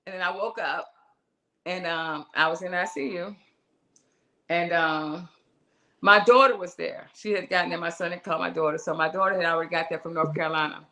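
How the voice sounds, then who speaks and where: A woman's voice: on the low side, a little fast. A middle-aged woman, a guest musician, telling a personal story in an interview in a loose, conversational way, acting out the voices of the people in it. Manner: animated, acts out the voices in her story; loose, conversational, restarts and asides.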